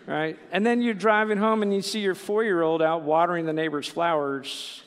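A man's voice: high voice, steady tone, normal speed, clean tone, long reverb tail. A middle-aged man preaching a sermon in a conversational way, full of fillers and "right?" asides. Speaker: pastor.

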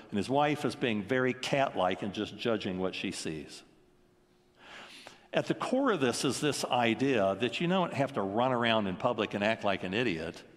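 A man's voice: mid-range voice, big-room sound. A man preaching a sermon, earnest and full of rhetorical questions.

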